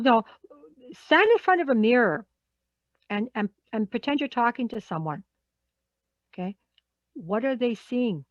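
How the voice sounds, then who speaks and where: A woman's voice: a little high, no room sound, dull audio. A woman leading a live workshop as a coach, talking conversationally and often checking in with the group.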